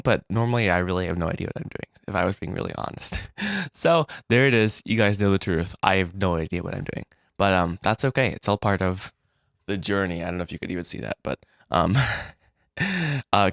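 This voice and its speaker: Rambling self-deprecating man, low voice. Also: creaky, fairly bright tone, no echo, studio quality. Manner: rambling, self-deprecating, frequent restarts and laughs. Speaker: indie animator vlogging his film. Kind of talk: casual solo vlog.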